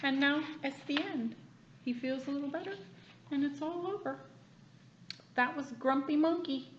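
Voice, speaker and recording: A woman's voice: high voice, normal speed, muffled recording, slight background noise. A woman reading a picture book aloud to a child, pointing out what is in the pictures as she goes. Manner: lively, explains the pictures as she reads.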